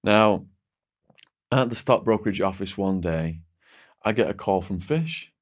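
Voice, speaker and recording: Male guest, lowish voice, vivid storyteller who restarts his sentences and leans on "like". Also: measured pace. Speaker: interview guest. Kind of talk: recounting a personal story.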